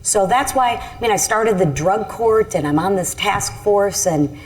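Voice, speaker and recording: A woman's voice: medium pitch, expressive, a little slow. A middle-aged woman from Michigan, a congresswoman telling a personal story on a panel in an earnest, candid, self-critical way.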